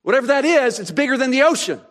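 A male pastor preaching a sermon, asking rhetorical questions and pausing for effect, slowing down to stress key phrases. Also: very high-pitched, very animated, a bit bright. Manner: expository preaching, rhetorical questions, dramatic pauses.

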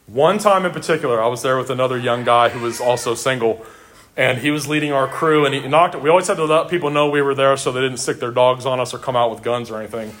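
A man's voice: mid-range voice, fast, fairly bright tone, slight background noise. A middle-aged man preaching a sermon to a church congregation, earnest and emphatic, often repeating his phrases for weight. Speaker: pastor.

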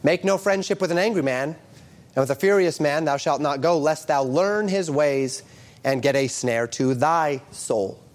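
A man preaching a sermon, reading King James scripture aloud and explaining it verse by verse with emphatic rises and drops. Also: unhurried. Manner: emphatic, lively rises and drops in pitch and volume.

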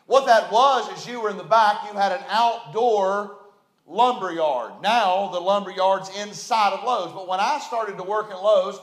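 Middle-aged west virginia pastor, high voice, folksy storytelling sermon, echoey church room. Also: male voice, unhurried, a bit bright. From West Virginia, USA. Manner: folksy, conversational, repeats phrases. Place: church sanctuary. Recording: roomy church echo.

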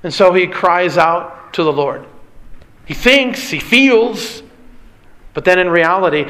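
Bright high-voiced man preaching earnestly. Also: slow, pauses often. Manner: earnest preaching, emphatic, addresses listeners as beloved. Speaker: pastor. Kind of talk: sermon.

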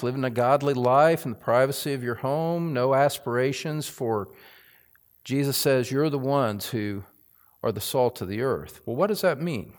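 A male pastor preaching a sermon, building to emphatic, forceful stress on key lines. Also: medium pitch. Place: church sanctuary.

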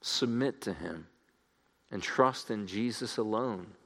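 A man's voice: lowish voice, slow pace, gravelly, fairly bright tone. A man preaching a sermon, earnest and building to fervent appeals to his listeners.

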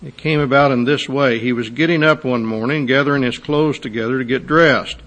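A man's voice: medium pitch, brisk, a bit bright. A man preaching a sermon, reading a testimony aloud and then expounding on it with rising intensity. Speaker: pastor.

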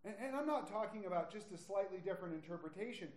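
A man preaching a sermon, stressing words slowly and dropping to quiet asides. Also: high voice, lively intonation. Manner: emphatic, drawn-out stresses, drops to quiet asides. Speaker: pastor. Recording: echoey room.

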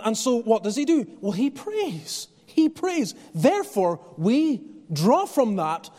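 A man's voice: very high-pitched, a little mellow, long reverb tail. A man preaching a sermon as pastor, earnest and conversational, often restarting his phrases. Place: church.

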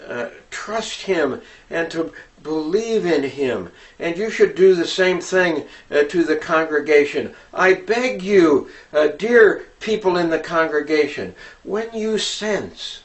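A man gives an instructional talk on preaching in a deliberate, earnest way, often pausing with fillers. He speaks slowly in a somewhat high voice. The recording sounds distant, as if he stands well back from the microphone.

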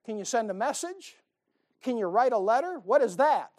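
A man's voice: very high-pitched, sing-song, moderate pace, a little mellow. Folksy preacher man firing rhetorical questions. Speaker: pastor. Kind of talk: sermon.

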